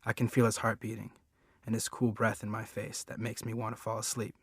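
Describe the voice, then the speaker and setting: Man narrating a first-person novel, earnest, low and level. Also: completely flat delivery, brisk, breathy edge, no room sound, clean studio sound. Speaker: audiobook reader.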